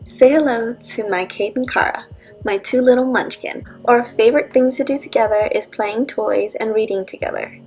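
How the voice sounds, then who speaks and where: A cheerful woman with a slightly high voice narrates her day in a voice-over. She is chatty and walks through each chore step by step. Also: normal speed, darkish tone, faint music behind, low-quality recording. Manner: upbeat, chatty, explains her routine step by step. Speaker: vlogger and mother.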